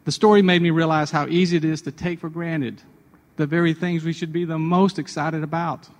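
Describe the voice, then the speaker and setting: A man's voice: on the high side, little pitch movement, fairly quick. Reverberant man telling a devotional story. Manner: chatty, personal anecdotes building to a sermon point. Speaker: radio devotional host.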